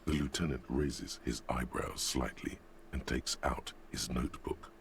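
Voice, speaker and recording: A man's voice: steady tone, unhurried, background noise. A man voicing a detective's grave inner narrator in a video game. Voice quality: very deep, grave.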